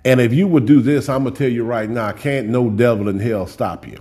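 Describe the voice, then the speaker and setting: A man's voice: mid-range voice, a little fast, dark tone, slightly rough. A man preaching a sermon in a folksy, direct way, often repeating words as he builds up a point.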